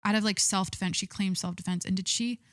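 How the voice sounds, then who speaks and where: A woman hosting a podcast in casual chat, halting as she searches for names and trailing off quietly. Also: medium pitch, fairly even intonation, dry recording, studio quality. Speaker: podcast host.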